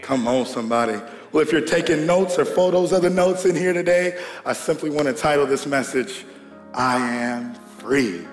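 Hyped high-voiced young pastor, booming hall. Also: male voice, brisk, hardly any pauses. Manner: hyped, loud shouting, slangy banter with the congregation. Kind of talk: energetic sermon with call-and-response. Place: large church hall. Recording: echoey church hall with faint music.

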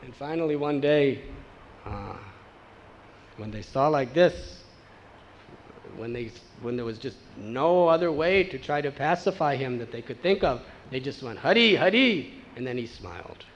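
A man giving a devotional storytelling sermon, animated and acting out the voices of the people in his tale. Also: mid-range voice, measured pace, lo-fi sound, slight background noise. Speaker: spiritual teacher.

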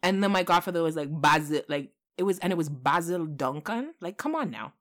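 A woman podcast host in casual chat, telling stories in an animated way and laughing often. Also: on the low side, a little fast.

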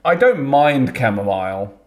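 A male podcast co-host talking in a relaxed, casual way, dry and teasing. His pitch moves a lot, rising and falling through each phrase. His voice sits at a middle pitch. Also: measured pace. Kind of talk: casual chat.

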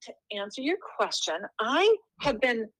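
A woman's voice: on the high side, very animated, unhurried, a bit bright, dry recording, rough recording. A woman interior designer speaking as a podcast guest in a gracious, conversational way.

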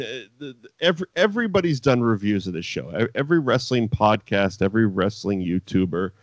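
A man co-hosting a podcast, talking in a profane, animated, casual way. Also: fairly low pitch, no room sound, dull audio. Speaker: podcast co-host. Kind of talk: casual chat.

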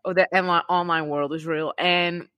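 A woman's voice: on the low side, fairly even intonation, normal speed, a bit bright, no room sound. A woman hosting a podcast in a blunt, chatty way, laughing often. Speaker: podcast host. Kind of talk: casual podcast chat.

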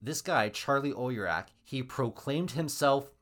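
A man's voice: mid-range voice, animated, measured pace, fairly bright tone. A man hosting a podcast, telling a true story casually with wry joking asides.

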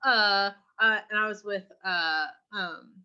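Young woman, podcast co-host, chatty storytelling, bright tone, muffled lo-fi recording. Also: medium pitch, slow, clear, resonant tone. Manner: chatty storyteller, acts out quotes with squeals. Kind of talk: casual podcast chat. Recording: dull lo-fi sound.

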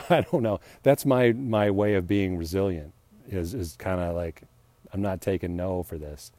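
Man, solo podcaster. Very low, warm voice. Rambling, self-deprecating, quick to laugh at himself. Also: dry recording. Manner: acts out heated retorts, laughs often. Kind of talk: rambling personal reflection.

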